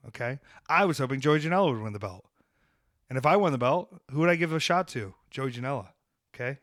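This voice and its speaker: A man hosting a podcast, ranting and joking in brash, comic trash talk, switching between loud outbursts and muttered asides. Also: mid-range voice, expressive, fast talker, no room sound, clean studio sound. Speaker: podcast host and wrestler. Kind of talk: casual podcast chat.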